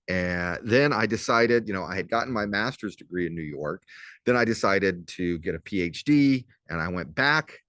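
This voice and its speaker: Speaking to students in a relaxed recorded lecture, a fifties-aged professor from southern Louisiana uses a low, slightly bright voice touched by a Southern US accent. His manner is chatty and wry, dropping the pace sharply to spell words, and the close, dry recording has no echo.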